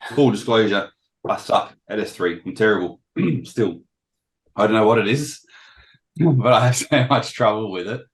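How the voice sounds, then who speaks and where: A man with a hoarse, failing voice giving a casual presentation on a video call, often clearing his throat. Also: fairly low pitch, a little slow, rough recording. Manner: frequent throat-clearing, self-deprecating. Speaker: guest trader sharing experience.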